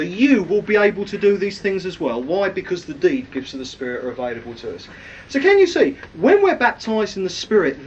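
A man's voice: fairly high pitch, recorded from a distance, slight background noise, rough recording. A man preaching a sermon, teaching emphatically and often asking his listeners questions. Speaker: preacher teaching a weekly series.

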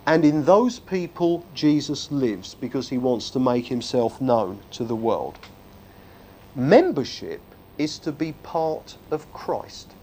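A man's voice: medium pitch, animated, slow, mellow, a little hiss or hum. A man giving an emphatic church teaching talk, often asking his listeners "can you see?". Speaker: preacher.

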